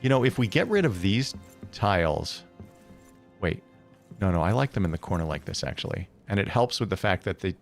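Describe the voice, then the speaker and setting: A man's voice: sits low, sing-song, brisk, faint music behind. A man live-streaming a building game, chatting casually and thinking aloud with many hesitant self-corrections.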